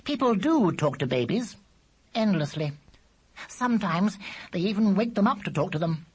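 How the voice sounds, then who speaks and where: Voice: medium pitch, very animated, moderate pace, a little hiss or hum, pitched above the performer's own voice, lightly acted. A reader voicing a clever talking baby boy who speaks in a dry, patient, know-it-all way. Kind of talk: audiobook character voice.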